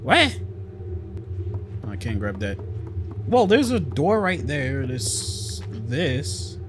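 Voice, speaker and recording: A man giving loud, excitable let's play commentary, swearing often and making mock-dramatic pleas. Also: mid-range voice, drawn-out words, background noise. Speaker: gaming channel host.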